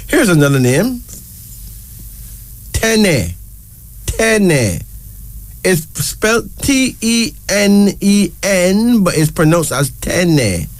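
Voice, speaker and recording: A man hosting a casual talk show, slowly spelling out each name letter by letter and repeating words for emphasis. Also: high voice, sing-song, no room sound. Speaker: show host. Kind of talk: casual talk presenting names.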